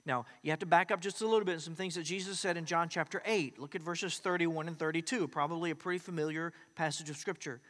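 A man preaching a sermon as a pastor, swinging between emphatic loud declarations and hushed, quiet asides. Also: on the high side, steady tone, fast, hardly any pauses, big-room sound.

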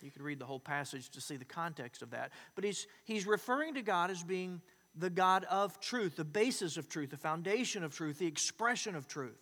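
A man preaching a sermon as a pastor, swinging between emphatic loud declarations and hushed, quiet asides. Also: a little high, animated, fairly quick, long reverb tail.

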